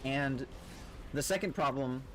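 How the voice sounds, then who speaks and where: A man's voice: mid-range voice, measured pace. Guy streaming w his guildies, rambly, swears a lot, laughs at his own stories, music faint behind. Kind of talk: casual storytelling while gaming.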